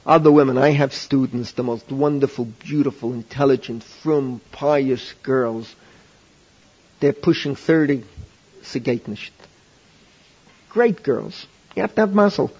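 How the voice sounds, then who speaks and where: A man, a rabbi teaching a class, gives an animated, joking lecture on rabbinic law, peppered with Yiddish and Hebrew phrases. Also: mid-range voice, a little slow, husky, muffled recording. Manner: animated, jokey storyteller mixing in Yiddish and Hebrew.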